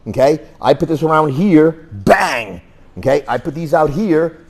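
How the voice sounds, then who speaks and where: Through a worn microphone in a training room, a martial arts instructor tells stories and adds punchy sound effects as he shows moves to his class. He speaks unhurriedly in an animated voice that sits on the high side.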